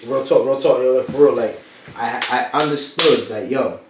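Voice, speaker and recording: A man's voice: mid-range voice, normal speed, recorded from a distance. A man, telling a personal story as a motivational podcast host. He repeats his key phrases like a preacher. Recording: echoey room, off-mic, faint noise.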